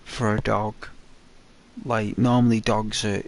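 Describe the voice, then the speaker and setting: A man's voice: fairly low pitch, little pitch movement, slow, vocal fry. A man giving casual, rambling commentary heavy with fillers. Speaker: gaming commentator.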